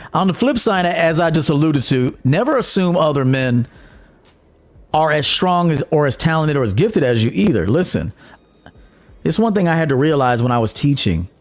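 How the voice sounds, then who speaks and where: Man, podcast host, dating coach, profane, mocking, lively pitch. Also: moderate pace. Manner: profane, mocking, laughs at his own jabs; mimics commenters in a high mocking voice. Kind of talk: blunt monologue.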